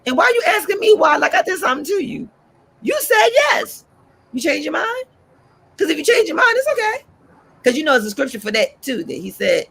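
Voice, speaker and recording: A woman hosting a talk show, preaching in an animated way and swooping up high when she exhorts. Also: fairly quick, gravelly.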